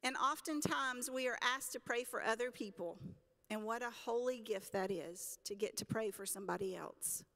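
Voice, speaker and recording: A woman's voice: fairly high pitch, moderate pace. A woman pastor preaching a sermon in a church, talking conversationally with the congregation, asking them questions and acting out the people in her stories. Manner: acts out characters in stories with lively voices. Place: church sanctuary. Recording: long reverb of a church hall.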